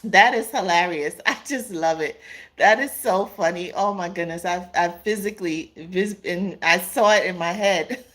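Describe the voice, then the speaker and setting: A woman's voice: fairly low pitch, unhurried, fairly bright tone. A woman hosting a casual live stream, reading viewer comments aloud, laughing often and calling her viewers "y'all" and "honey".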